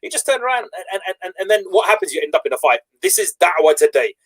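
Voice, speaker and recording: An English man hosts a loose online chat in a high, quick voice. He rambles through restarts and laughs easily while he talks. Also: big pitch swings, a bit bright. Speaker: show host. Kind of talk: casual debate chat.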